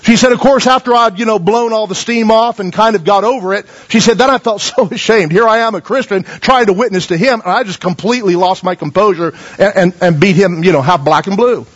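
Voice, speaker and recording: Brief: male pastor preaching, high voice, folksy storyteller who calls for amens, dull lo-fi recording. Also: fairly quick, few pauses. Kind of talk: sermon.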